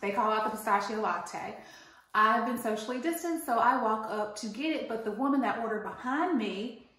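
A woman telling an animated, indignant storytime rant to her viewers. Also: fairly high pitch. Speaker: vlogger. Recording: very echoey room.

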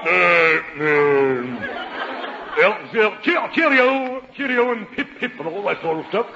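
A man's voice: high voice, expressive, slow pace, vocal fry, a crowd in the background, full character voice. A man voicing a bumbling posh English sportscaster with a mock English accent in a 1940s radio comedy. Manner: silly, ad-libbing, mugging to the audience. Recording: noisy dull old radio broadcast.

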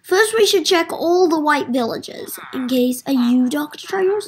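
A woman's voice: high-pitched, animated, moderate pace, rough recording. A woman hosting a casual game playthrough, speaking straight to her viewers in a melodramatic way. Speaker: gaming channel host. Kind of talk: casual let's-play commentary.

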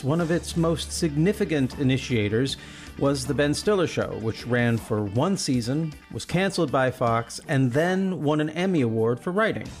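A man hosting a podcast, reading a measured, wry intro and then chatting with his co-host. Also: medium pitch. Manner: measured, wry, precise wording. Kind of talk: scripted intro, then casual chat.

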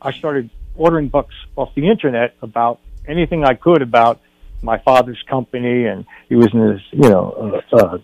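A man's voice: medium pitch, moderate pace, gravelly, darkish tone, no room sound. An older man, a film director guest on a radio show, telling a personal story in an earnest way, often restarting his sentences. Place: radio studio. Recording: dull radio broadcast.

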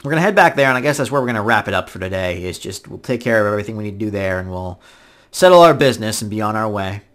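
A man giving casual let's-play commentary, excitable, swinging from mumbling to loud outbursts. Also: fairly low pitch, very fast. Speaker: gaming YouTuber.

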